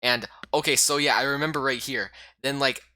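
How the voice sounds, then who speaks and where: A man casually recapping a game he played as a YouTuber, rambling and excitable with lots of fillers. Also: mid-range voice, a little fast, no echo.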